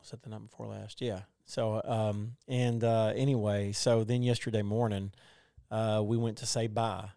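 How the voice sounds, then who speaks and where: A man's voice: on the low side, level tone, normal speed, few pauses, dark tone, clean tone, no room sound, studio quality. A middle-aged man telling a personal story in casual conversation, rambling with many fillers and restarts. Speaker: podcast co-host.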